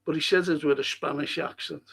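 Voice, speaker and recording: A Liverpool man with a gravelly edge and a fairly high voice rambles through stories and viewer comments. He swears freely, laughs at his own tales, and talks in a loose, casual stream-host way. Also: fairly even intonation, brisk, fairly bright tone. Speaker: host of a fan live stream.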